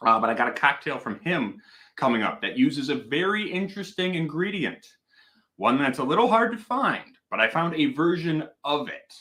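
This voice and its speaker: A man hosts a casual live stream from home, chatting into a desk microphone. His voice is bright and his pitch moves all over. He rambles playfully and tells stories in a mock-serious way. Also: very animated, normal speed. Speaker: host.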